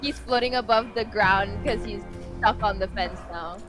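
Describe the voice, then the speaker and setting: A woman's voice: mid-range voice, normal speed, music in the background, rough recording. A woman helping run a horror tabletop game, speaking hesitantly with many fillers. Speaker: co-game master. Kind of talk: casual tabletop role-play.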